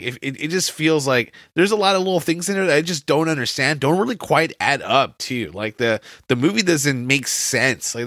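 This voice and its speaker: Bright-voiced man in dry casual chat. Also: mid-range voice, no echo. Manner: loose, rambling, many restarts and "like". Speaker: podcast co-host reviewing a film.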